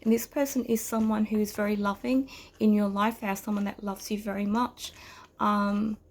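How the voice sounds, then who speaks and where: A woman's voice: medium pitch, level tone, moderate pace, a little mellow. A woman giving a tarot reading, delivering a rambling, emotional spirit message, close to tears and often slipping into whispers. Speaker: tarot reader. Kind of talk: spoken channeled message.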